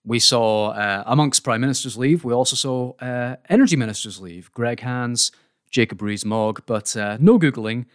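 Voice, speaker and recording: Casual male quiz host, mid-pitched, stop-start delivery, dry studio sound. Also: smooth, no room sound. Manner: halting, many fillers and restarts. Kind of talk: casual podcast quiz chat.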